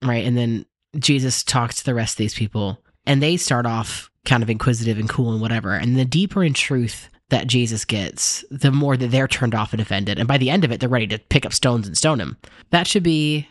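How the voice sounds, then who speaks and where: A man's voice: mid-range voice, a little fast, no echo. Guy doing a bible reading podcast, laid back and rambly, dry close sound. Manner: relaxed, rambling, lots of fillers. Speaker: podcast host reading scripture. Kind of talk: bible reading and casual reflection.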